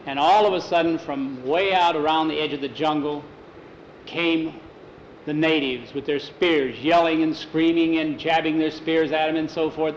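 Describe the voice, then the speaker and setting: A man telling an adventure story aloud in a relaxed, homespun way, sometimes correcting himself mid-sentence. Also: fairly high pitch, moderate pace. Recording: roomy, dull lo-fi, faint hiss.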